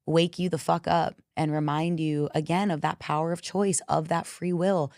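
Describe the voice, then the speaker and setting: Low-voiced woman, frank and blunt. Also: moderate pace, no echo, clean studio sound. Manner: frank, profane, animated storyteller. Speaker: podcast guest, ownership coach. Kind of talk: casual conversation.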